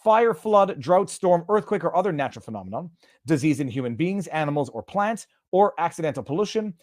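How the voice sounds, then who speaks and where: A man hosts a casual live stream, reading text aloud and translating it on the fly. His voice sits slightly high and his delivery is sarcastic. The sound is close and dry. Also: very animated, brisk, darkish tone, dry recording. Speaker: host.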